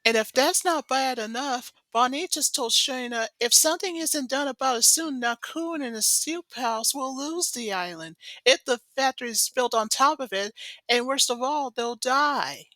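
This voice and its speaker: A woman's voice: sits high, expressive, normal speed, bright, forceful tone, no echo, rough recording. A woman casually recapping an episode, rambling along with lots of "so" and "of course". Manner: rambling, chatty retelling full of "so" and "of course".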